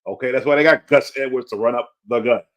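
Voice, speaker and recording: Talking fast in a mid-range, somewhat bright voice, a fantasy football show host goes on a casual rant. He begs a listener to heed his repeated warnings, staying emphatic yet playful and chuckling at himself.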